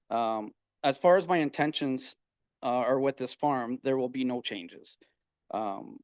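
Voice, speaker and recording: Man, farmer speaking at council, halting and choked up, dry sound. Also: medium pitch, a little mellow, dry recording. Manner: halting, choked up, many fillers. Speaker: farmer applicant at council meeting. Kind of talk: public comment at a council meeting.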